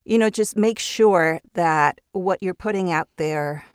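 A woman's voice: fairly low pitch, slow pace, clean tone, dry recording, clean studio sound. A woman raised in Mexico with Spanish as her first language, chatting casually as an interview guest about her voice work, often restarting words. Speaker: voice actor guest.

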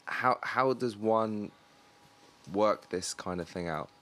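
A man's voice: on the low side, slow, fairly bright tone. A man hosting a casual conversation, asking friendly, easygoing questions with plenty of fillers. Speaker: podcast host.

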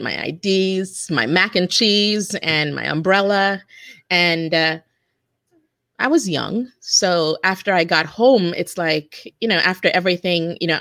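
A woman in her forties, a guest telling a personal story in an earnest, halting way with many restarts. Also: fairly low pitch, a bit bright, no echo, studio quality. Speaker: interview guest. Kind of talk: personal testimony in conversation.

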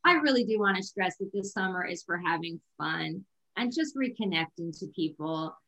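A middle-aged woman, a reader, talking as a podcast guest in an expressive, emphatic way. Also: on the low side, moderate pace. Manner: expressive and emphatic, laughs often. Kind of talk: casual podcast chat. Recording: echoey room.

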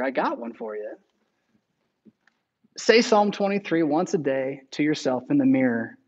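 A male pastor preaching a sermon in an earnest manner that builds to fervent, near-shouting passages. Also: fairly high pitch, lo-fi sound.

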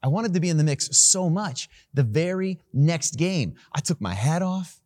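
A man preaching a sermon who tells a personal story in an animated, self-deprecating way and laughs at himself. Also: fairly high pitch, normal speed, dry recording. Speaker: pastor.

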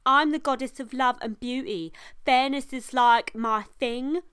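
A woman's voice: high voice, unhurried, fairly bright tone, clean tone, no echo, clean studio sound. A woman voicing a ditzy, vain goddess of love with an airy, slangy valley-girl drawl. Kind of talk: comedy audio sketch.

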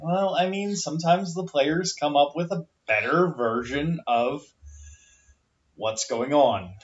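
A man's voice: on the high side, takes it slowly. Joking thirties man, game-master co-host, dull lo-fi podcast audio. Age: 30s. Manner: joking, swears freely, trips over words. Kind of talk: casual podcast chat.

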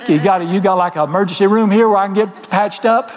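Folksy preacher, high voice, hollers and jokes, long hall reverb. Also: male voice, quick pace, crowd noise. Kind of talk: fiery sermon.

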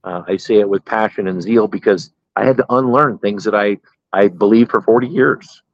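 A man's voice: fairly low pitch, normal speed, no room sound, highs cut off. A middle-aged man, a pastor, telling stories from his life in a casual interview and laughing at his own jokes.

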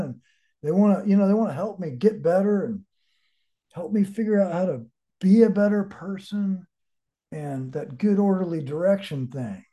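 A warm, high male voice belongs to an interview guest sharing his life story. He rambles bluntly and swears often, working through things aloud in a frank, relaxed storytelling style.

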